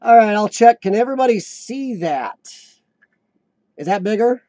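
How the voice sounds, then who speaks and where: A man's voice: high voice, expressive, normal speed, warm tone, no room sound. An American man hosting a casual live stream, chatting loosely with viewers and reading their comments aloud. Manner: chatty, rambling, reads chat aloud.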